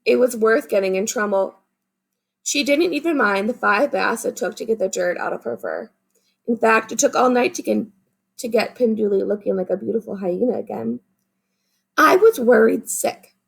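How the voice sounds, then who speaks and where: A woman teacher reading a picture book aloud to her class, then gently explaining its lesson. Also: on the high side, moderate pace, creaky, husky, poor audio. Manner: gentle, explaining, asks "right?".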